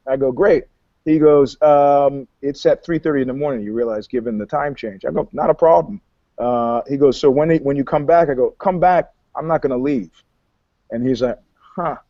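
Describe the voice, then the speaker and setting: A man co-hosting a casual podcast, telling stories in an animated, boastful way, laughing often and swearing. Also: a little high, dry recording. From New York. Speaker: podcast co-host. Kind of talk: casual chat, storytelling. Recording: dull lo-fi audio, dry.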